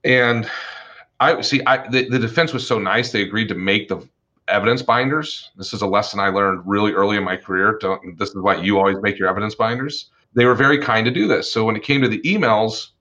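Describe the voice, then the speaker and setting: A man who works as an attorney, telling stories from his career in a casual, animated way, swearing freely and acting out the people he quotes. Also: lowish voice, a little fast, highs cut off. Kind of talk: casual storytelling chat.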